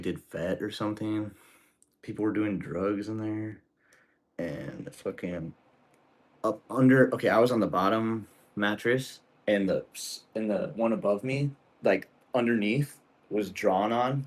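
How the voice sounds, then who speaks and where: Sitting low with a breathy edge, this man's voice carries rambling, profanity-laced stories told in loose slang while he cooks on a stream.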